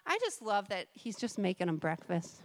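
A woman's voice: medium pitch, very animated, normal speed. A woman giving a conversational sermon, reading scripture aloud with chatty, joking asides. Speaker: guest speaker at a church service. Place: church service.

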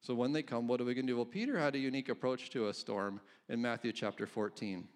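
A man's voice: medium pitch, fast. A man preaching a casual, conversational sermon, reading scripture aloud and chuckling between points. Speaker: pastor.

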